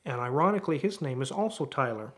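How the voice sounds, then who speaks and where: A middle-aged man who runs a car repair shop, telling a story in an animated way and acting out both sides of the conversations. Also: mid-range voice, quick pace. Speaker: auto repair shop owner. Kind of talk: storytelling to camera.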